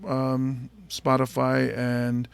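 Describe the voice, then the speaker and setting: A man's voice: mid-range voice, monotone, extremely slow, creaky, clear, resonant tone, dry recording. A man hosting a comedy podcast, chatting casually and playfully and slipping into jokey bits. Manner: playful, joking, slips into bits.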